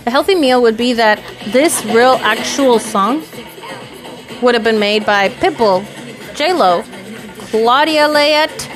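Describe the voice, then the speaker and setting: A fairly high-voiced woman rambles through a candid vlog monologue, swearing freely as she reflects on herself. Faint music plays softly behind her. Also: takes it slowly. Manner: candid, profane, self-reflective. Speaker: vlogger.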